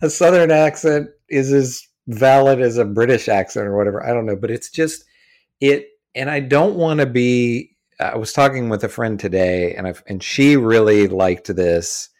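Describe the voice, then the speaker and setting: A man's voice: mid-range voice, normal speed, a little mellow. A man co-hosting a podcast, talking films in a rambling, hedging way with many restarts. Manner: rambling, hedging, restarts, keeps asking "you know what I mean". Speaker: podcast co-host. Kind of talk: casual film discussion.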